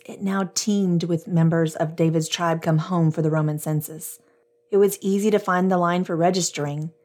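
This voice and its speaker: A woman's voice: lowish voice, a little mellow. A woman hosting a devotional podcast, reading scripture and reflecting earnestly, addressing listeners as friends.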